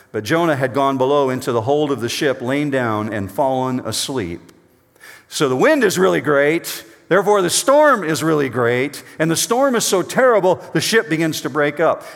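A man preaches a sermon in a mid-range voice. He reads the scripture with loud, urgent drama and drops to quiet, low asides as he explains it. Each word trails a long reverb, as if spoken in a large hall. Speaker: pastor.

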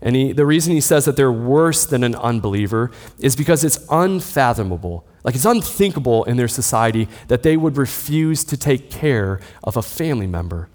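A man's voice: mid-range voice, animated, moderate pace, few pauses, a little mellow. A man in his thirties preaching a sermon, teaching steadily and posing rhetorical questions to the listeners. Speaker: pastor. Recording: long hall reverb.

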